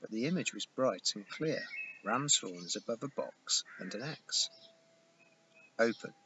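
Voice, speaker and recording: A man reading a first-person novel aloud in a steady storytelling manner. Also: mid-range voice, measured pace. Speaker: audiobook reader. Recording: dull lo-fi with hiss.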